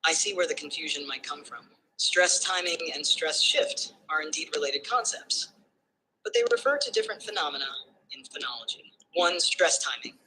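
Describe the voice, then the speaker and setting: A synthetic assistant voice explaining phonetics like a tutor, in calm, structured steps that end by checking understanding. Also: medium pitch, normal speed, a little hiss or hum, rough recording.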